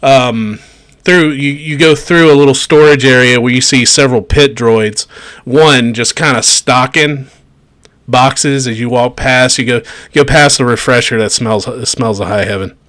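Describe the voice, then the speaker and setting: A man's voice: medium pitch, measured pace, a bit bright. A man narrating a tabletop game as game master, chuckling and amused, over a video call.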